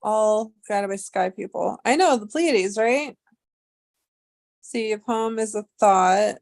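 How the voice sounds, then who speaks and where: A woman's voice: medium pitch, slow, creaky, darkish tone. A young woman chatting casually to her livestream audience, rambling off on tangents and breaking into exasperated, swearing rants.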